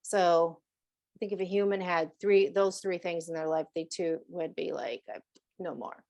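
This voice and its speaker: A woman's voice: on the low side, fairly even intonation, moderate pace, darkish tone. A middle-aged woman hosting a show about animal messages, talking casually, laughing often and slipping into playful voices. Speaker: animal communicator host. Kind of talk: casual chat.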